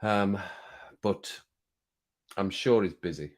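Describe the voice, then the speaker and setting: A man's voice: deep voice, takes it slowly. A man hosting a casual livestream, reading out viewer comments in a rambling, jokey way and getting worked up now and then. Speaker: livestream host.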